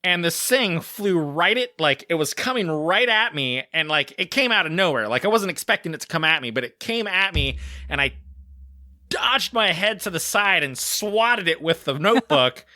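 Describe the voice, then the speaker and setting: A man co-hosting a podcast, telling a casual story in an animated way and acting out other people's lines. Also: high voice, normal speed, dry recording, studio quality. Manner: animated storyteller, acts out shouted quotes. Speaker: podcast co-host.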